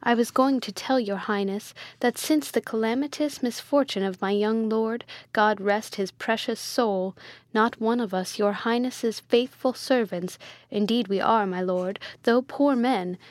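A woman's voice: on the high side, unhurried, dry recording, natural voice. A woman voicing a frightened male castle servant who rambles and pleads in a storybook reading.

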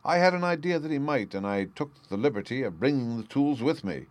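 A man voicing a composed, shrewd Victorian detective who speaks in a measured, precise way. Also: mid-range voice, expressive, dry recording, pitched above the performer's own voice, lightly acted. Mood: dry.

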